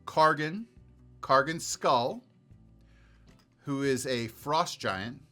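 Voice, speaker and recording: Slow, halting male game master. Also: mid-range voice, bright, forceful tone, soft background music. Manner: halting, many fillers and restarts. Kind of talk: narrating a tabletop game.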